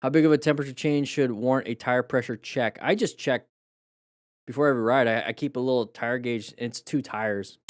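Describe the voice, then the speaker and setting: A man's voice: medium pitch, steady tone, brisk, no room sound, studio quality. Chatty male live-stream riding coach. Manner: rambling, chatty, with frequent restarts and fillers; coaching tone, praising riders and joking with chat. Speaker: motorcycle safety streamer reviewing crash clips. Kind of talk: casual live-stream commentary.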